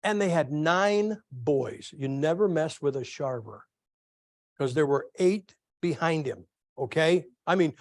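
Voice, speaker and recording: A man's voice: on the high side, a little slow, dry recording. Folksy preacher man, dry close mic. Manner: folksy, animated storytelling with asides to the congregation. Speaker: pastor. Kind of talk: sermon with storytelling.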